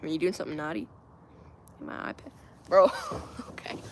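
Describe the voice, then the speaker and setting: A woman's voice: deep voice, normal speed, slight background noise. Chatty woman streaming from her phone. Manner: chatty, laughs often, answers chat aloud. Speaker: livestream host. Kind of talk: casual livestream chat with viewers. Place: at home.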